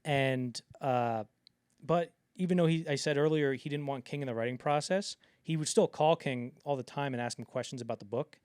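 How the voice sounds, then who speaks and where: A man's voice: medium pitch, moderate pace, darkish tone, clear, resonant tone, no echo, studio quality. A man co-hosting a film podcast in casual chat, rambling with lots of fillers and acting out the quotes he retells. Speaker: podcast co-host.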